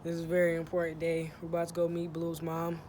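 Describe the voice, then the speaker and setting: A playful vlogger jokes and teases straight into a handheld phone camera, using lots of slang in a casual talk-to-camera vlog. His middle-pitched voice is monotone, quick and somewhat dark in tone. He's outdoors in the sun near a truck, with clear outdoor noise underneath.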